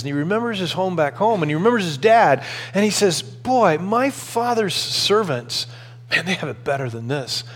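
A man preaching a sermon as pastor, telling a story in an animated way with shifting pace and emphasis. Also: high-pitched. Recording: long reverb of a large hall.

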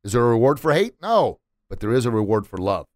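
Very animated and quick, a medium-pitched male voice delivers a motivational podcast from a recording studio, with no echo. The middle-aged host uses a studio mic and preaches emphatically, repeating words to press each point.

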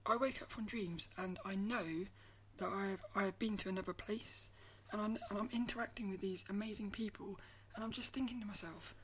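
A woman artist talking casually to camera, soft-spoken and often dropping into a breathy half-whisper, rambling and restarting her phrases. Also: mid-range voice, brisk, few pauses, slight background noise. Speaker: artist vlogger.

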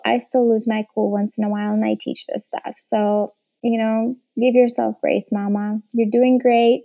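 A young woman talks through parenting tips in a loose, chatty way, full of fillers. Her voice is gravelly and mellow, sitting a bit high. She sounds encouraging and reassuring. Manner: warm encouraging, many fillers. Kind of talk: casual advice chat.

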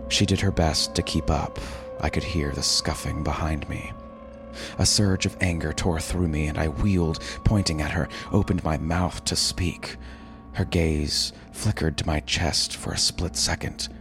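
A man reading a first-person story aloud in a measured, dramatic narrating voice. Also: rumbling low. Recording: narration over background music.

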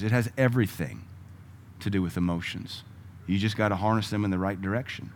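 A man preaching a sermon, moving between loud emphatic lines and quiet asides and chuckling with the congregation. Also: lowish voice, brisk, slight background noise. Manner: laughs often, conversational asides to the congregation.

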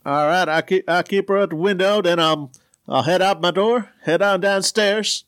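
High-voiced man playing a trucker. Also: normal speed, fairly bright tone, clean tone. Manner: drawling trucker talk with radio sign-offs. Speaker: player. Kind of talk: in-character tabletop role-play.

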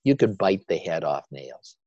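Animated older man telling his story. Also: extremely low pitch, normal speed, dull audio. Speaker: guest. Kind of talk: storytelling interview.

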